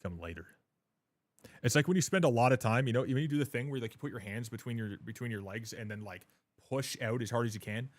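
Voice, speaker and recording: A man's voice: medium pitch, no room sound. A man chatting casually on a gaming livestream, rambling and swearing as he jokes with his chat. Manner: rambling, profane, joking with chat; frequent filler words and restarts.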